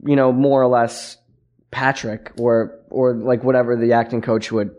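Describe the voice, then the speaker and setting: A man's voice: medium pitch, level tone, moderate pace, darkish tone. A young man, an actor, chatting casually in an interview, rambling with lots of fillers and frequent laughs. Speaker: actor guest.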